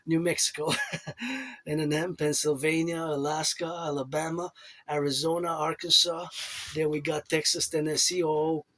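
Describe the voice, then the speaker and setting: A man's voice: a little high, little pitch movement, moderate pace, fairly bright tone. A man rambling in a monologue to camera, repeating himself and reeling off places in bursts. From Canada. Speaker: self-styled event organizer.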